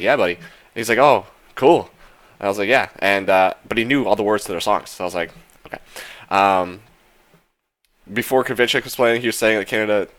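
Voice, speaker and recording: A man's voice: lowish voice, fairly bright tone. A young man casually recapping a concert in a vlog, rambling with lots of fillers and casual swearing. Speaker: vlogger.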